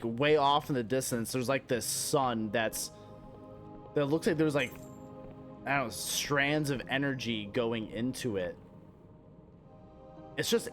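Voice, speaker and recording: A young American man streaming a game, chatting casually in a rambling, profane way and slipping into mock-outraged rants. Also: mid-range voice. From United States. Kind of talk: casual gameplay chat.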